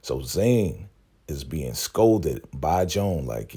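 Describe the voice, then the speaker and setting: Deep husky man recapping a show. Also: very animated, extremely slow, mellow. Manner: slangy, acts out characters' lines. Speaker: host. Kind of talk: casual TV episode recap.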